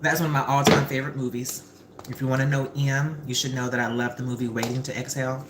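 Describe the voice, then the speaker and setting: A young woman hosting a casual livestream while cooking, an animated, chatty storyteller who swears freely. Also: extremely low pitch, fast talker. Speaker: livestream host. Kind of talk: casual live-stream chat while cooking. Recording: roomy with faint background noise.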